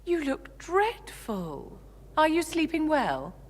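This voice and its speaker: A woman voicing a haughty, condescending mage in a video game, speaking slowly with cutting, mock-sweet politeness. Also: high-pitched, huge pitch swings, heavily acted. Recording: game audio with long reverb.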